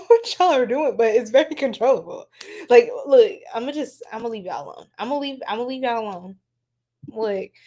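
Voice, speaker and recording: A young woman hosting a casual tarot-reading livestream, chatty and quick to laugh, talking straight to her chat. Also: a little high. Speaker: tarot reader, livestream host.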